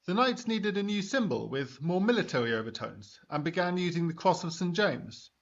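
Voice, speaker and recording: A man's voice: sits high, very animated, normal speed, dull audio. A man presenting a history explainer, narrating in a dry, skeptical manner between comic exchanges.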